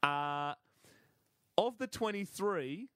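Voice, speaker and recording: A man with a fairly high voice runs through silly headlines in relaxed comedy-podcast chat, chuckling as he goes. His delivery is loose and full of little fillers. The sound is dry and close, with no room echo. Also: takes it slowly. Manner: chuckling, storytelling with many fillers. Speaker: podcast co-host. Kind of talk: casual comedic news chat.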